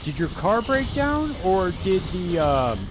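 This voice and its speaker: A man's voice: high-pitched, slow pace, over music, pitched above the performer's own voice, exaggerated voice. A man mimicking a fussy, nitpicking game director. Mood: mocking. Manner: pedantic, hesitant, nitpicking. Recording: steady background noise.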